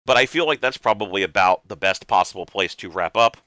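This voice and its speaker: Emphatic male podcast host, bright crisp voice. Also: lowish voice, brisk, dry recording, studio quality. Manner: earnest, emphatic, swears casually. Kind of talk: casual podcast discussion.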